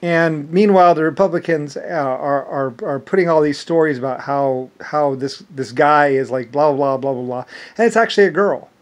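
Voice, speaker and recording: A man with a fairly high voice tells a long, meandering story in casual monologue. He keeps circling back with restarts, jumping from loud, animated bursts to quiet, mumbled asides. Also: moderate pace. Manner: rambling, repeats "anyway" and restarts often. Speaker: storyteller recounting an imagined past life.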